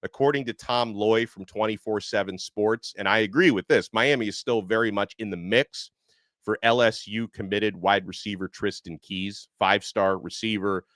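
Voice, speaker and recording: A man's voice: on the low side, normal speed, no room sound. Chatty man hosting a sports podcast. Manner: chatty, animated, lots of fillers. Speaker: podcast host. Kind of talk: casual sports podcast talk. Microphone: headset earpiece.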